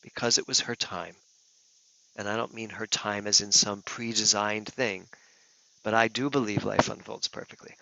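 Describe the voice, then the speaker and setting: A man giving a talk as a minister, telling a personal story in an earnest, emotional way. His voice moves from hushed to loud. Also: on the low side, fairly even intonation, normal speed, gravelly, poor audio. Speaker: guest speaker, minister.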